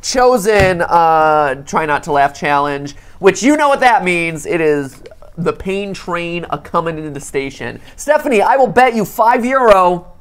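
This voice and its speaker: A woman's voice: on the low side, animated, a little slow, clean tone. A woman co-hosting a live web show, chatting casually with playful, teasing banter. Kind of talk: casual chat.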